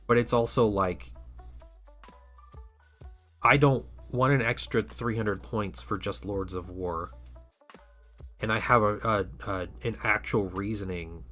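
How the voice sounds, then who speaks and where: A fairly low-voiced man chatting casually on a hobby livestream. He rambles, restarts his sentences and sounds tired. Faint music plays underneath. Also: a little slow, long pauses, a bit bright. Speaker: livestream host painting miniatures.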